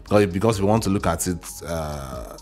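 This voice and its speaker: Low-voiced man reacting casually. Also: lively intonation, fairly quick, darkish tone, soft background music. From Africa. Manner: candid, chatty, restarts, exclaims. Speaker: reaction video host.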